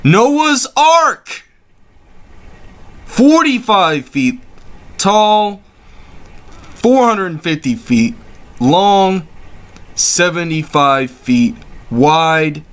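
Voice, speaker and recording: Male reaction host, sarcastic, foul-mouthed, higher-pitched bright voice. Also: sing-song, drawn-out words, pauses often. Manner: exclaims and breaks into laughing disbelief; sarcastic, swears freely. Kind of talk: comedic reaction commentary.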